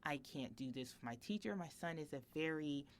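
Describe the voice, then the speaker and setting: A woman in her thirties chats on a podcast in a casual, storytelling way. Her pitch swings widely as she acts out both sides of a conversation, her voice sits a little low, and she laughs often between sentences. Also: fairly quick. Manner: animated storytelling, acting out her son's and her own lines. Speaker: podcast co-host. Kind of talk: casual chat.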